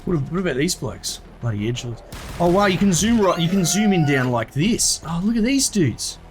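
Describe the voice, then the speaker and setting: A young Australian man giving casual, excitable gameplay commentary, swearing and talking back to the units on screen. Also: fairly high pitch, moderate pace, a little hiss or hum. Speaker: gameplay streamer.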